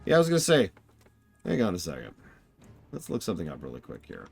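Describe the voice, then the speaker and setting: Self-deprecating man, game stream host, lowish voice, animated. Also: quick pace, vocal fry, husky, faint music behind. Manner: joking, rambling, self-deprecating. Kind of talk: casual game stream commentary.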